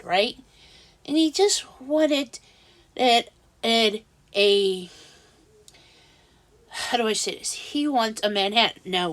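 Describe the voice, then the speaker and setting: High-voiced woman telling an exasperated story. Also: a bit bright, no room sound. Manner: halting, restarts, rising exasperation. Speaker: vlogger. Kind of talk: casual storytelling vlog.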